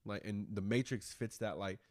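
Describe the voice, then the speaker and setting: A man co-hosting a podcast, talking about movies in a rambling, animated way with a lot of swearing. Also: fairly low pitch, moderate pace. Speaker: podcast co-host. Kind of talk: casual chat.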